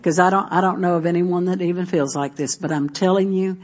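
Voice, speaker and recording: A woman's voice: on the low side, fairly even intonation, a little fast, darkish tone. A middle-aged woman, preaching a sermon in a conversational way, with asides and restarts aimed at the congregation. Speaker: pastor.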